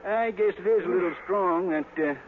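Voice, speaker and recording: A man's voice: high-pitched, brisk, phone-quality sound, lightly acted. An actor playing a folksy small-town man in a 1940s radio play, with homespun speech, on a scratchy old broadcast. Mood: hearty.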